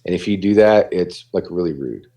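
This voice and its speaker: A man's voice: deep voice, moderate pace, warm tone. A man, a dog behaviorist, talking casually on a podcast and acting out what dogs and people say.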